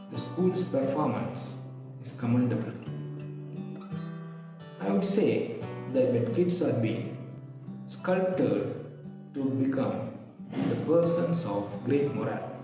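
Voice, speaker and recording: A man giving a prepared, measured testimonial as a parent. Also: medium pitch, expressive. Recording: echoey hall, distant mic, music behind.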